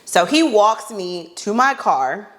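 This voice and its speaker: A woman's voice: medium pitch, takes it slowly. A woman podcast host telling a funny dating story in a casual way, acting out her own lines with blunt, exasperated asides. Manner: animated, acts out her own reactions in dialogue.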